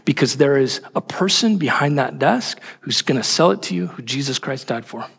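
A man preaching a sermon in an animated, emphatic way, asking rhetorical questions. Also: mid-range voice, moderate pace, creaky, slightly rough, long reverb tail. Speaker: pastor.

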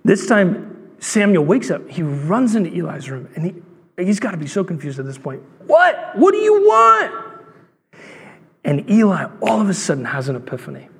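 A man in his thirties preaches a sermon, telling a story and acting out its voices. His voice sits a little high and has a husky edge. A long reverb hangs behind him, as in a church hall. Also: expressive, a little fast, darkish tone. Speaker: pastor.

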